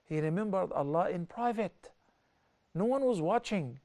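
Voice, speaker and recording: A middle-aged man explains scripture in a televised religious lesson. His voice sits a little high. He talks earnestly and lifts sharply in pitch and volume to stress his points. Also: moderate pace. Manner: lively, with sharp rises in pitch and loudness for stress. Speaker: religious teacher.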